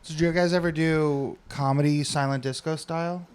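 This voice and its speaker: A man's voice: a little high, steady tone, moderate pace, darkish tone, smooth. A man in casual podcast chat, telling stories in an upbeat way and laughing at his own tales. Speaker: podcast co-host.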